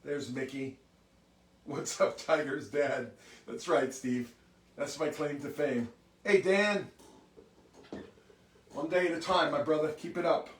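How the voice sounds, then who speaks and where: A man's voice: a little high, slow pace, pauses often, recorded from a distance. A man hosting a music livestream, chatting casually and greeting viewers one by one by name. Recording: roomy sound from off mic.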